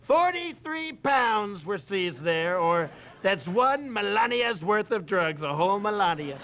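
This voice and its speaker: Brief: a bragging, whiny president in a TV sketch; high voice with a gravelly edge. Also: male voice, sing-song, unhurried, a bit bright, full character voice. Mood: blustering. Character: boastful, rambling impression of a male US president. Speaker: comedian doing a presidential impression. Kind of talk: televised comedy sketch.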